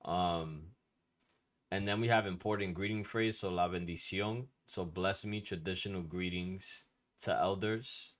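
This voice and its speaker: Male teacher with a deep voice, loose and slangy, blunt, swears now and then, casual lesson delivery. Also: fairly even intonation, unhurried. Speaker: Spanish culture teacher.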